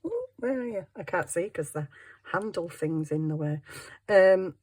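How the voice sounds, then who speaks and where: With a somewhat low, slightly mellow voice and lively intonation, a woman talks a little slowly as she does papercraft at her desk at home. As a papercraft vlogger, she gives chatty, rambling, self-deprecating commentary on her crafting.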